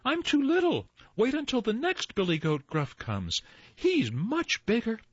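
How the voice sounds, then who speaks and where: An older man squeaking as a tiny timid billy goat. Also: huge pitch swings, unhurried, slightly rough, no room sound, heavily acted. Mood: pleading. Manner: squeaky and pleading. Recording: slightly dull dry recording.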